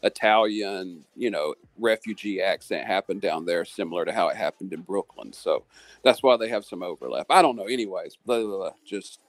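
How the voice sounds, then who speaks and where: A man's voice: low voice, a little fast, no echo. A man who hosts a live panel stream and chats casually, musing at length in a friendly way. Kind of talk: casual chat.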